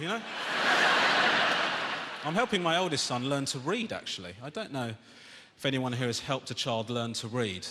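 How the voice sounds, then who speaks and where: A man doing a stand-up comedy routine, ranting in exasperation and rising to shouts. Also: mid-range voice, lively intonation, normal speed, pauses often. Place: large theatre stage. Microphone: stage microphone. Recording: echoey theatre, long reverb, audience noise.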